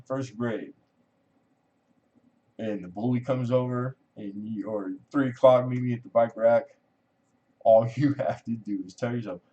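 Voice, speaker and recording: A man hosting a casual livestream chat, telling a long personal story in a rambling way, laughing often and trailing off. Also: dark tone. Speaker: livestream host. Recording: muffled low-fidelity audio.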